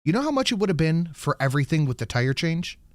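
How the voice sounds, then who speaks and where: A man hosting a podcast, telling an angry story full of swearing and quoting himself loudly. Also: on the high side, big pitch swings, fast, no echo, clean studio sound. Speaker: podcast host. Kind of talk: casual ranting chat.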